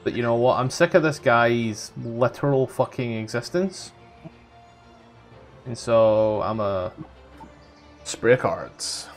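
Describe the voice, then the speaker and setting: A man's voice: medium pitch, slow pace, pauses often, faint music behind. A man chatting casually as a tabletop game player, swearing and thinking aloud about the rules.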